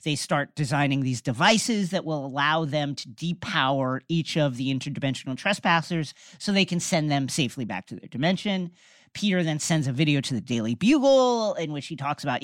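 Woman co-host, low voice, dry close sound, animated plot recap in casual chat. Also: brisk, dry recording. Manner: animated storytelling, many restarts. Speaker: podcast co-host recapping a film.

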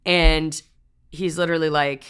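Woman, podcast co-host, casual chat, candid profane storyteller, lower voice. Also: fairly even intonation, a little slow, a bit bright, smooth.

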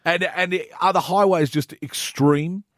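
A man's voice: high voice, fairly even intonation, measured pace, no room sound, clean studio sound. A man hosting a casual podcast chat, joking around and steering the talk with questions. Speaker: host.

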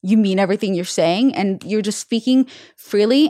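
A woman's voice: mid-range voice, normal speed, mellow. A woman who is not a native English speaker, hosting a podcast and analyzing her guest in an earnest, careful way. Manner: earnest, analytical, some restarts. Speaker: podcast host. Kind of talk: casual podcast interview.

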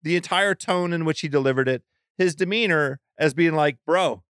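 A man's voice: fairly high pitch, brisk, a bit bright, smooth, dry recording, clean studio sound. A man co-hosting a podcast, chatting casually about golf in a laid-back way with lots of fillers. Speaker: podcast co-host.

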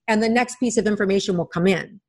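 A middle-aged woman speaks as a psychic-medium guest in a podcast interview. She talks at an ordinary mid pitch, guiding the listener gently and weaving in stories as she goes. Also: quick pace. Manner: gentle, coaching storyteller.

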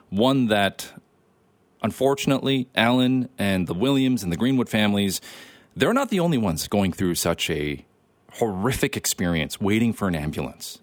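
A man's voice: lowish voice, dry recording. A man hosting a talk radio show, giving emphatic, opinionated commentary. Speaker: radio host.

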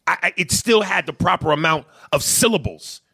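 A man ranting in a heated, profane podcast conversation, swinging between loud bursts and quiet asides. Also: a little high, expressive, moderate pace, gravelly, husky. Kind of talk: heated casual rant.

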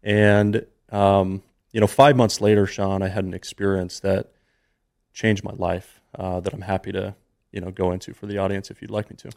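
A man's voice: sits low, level tone, normal speed, creaky, a little mellow. A man in his thirties, a podcast guest, telling a personal story in an earnest, emotional, conversational way.

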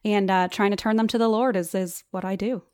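A woman's voice: mid-range voice, steady tone, a little fast, a little mellow, clear, resonant tone, no echo, studio quality, close to an everyday voice. A woman playing an earnest, rambling church lady who runs a dog daycare ministry, in an improvised comedy podcast. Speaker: guest.

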